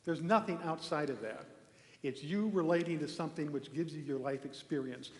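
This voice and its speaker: Man, minister, easygoing anecdotal sermon, roomy reverberant hall. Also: on the high side. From Norway. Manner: relaxed storytelling, with pauses and restarts. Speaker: minister giving a talk. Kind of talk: conversational sermon with a personal story. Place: large echoey temple hall. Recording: echoey hall with long reverb.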